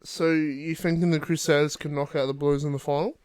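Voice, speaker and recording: A young man with a New Zealand accent, co-hosting a casual podcast chat, laughing often and swearing freely as he tells animated stories. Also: on the high side, brisk, clean tone, no room sound, clean studio sound. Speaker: podcast co-host.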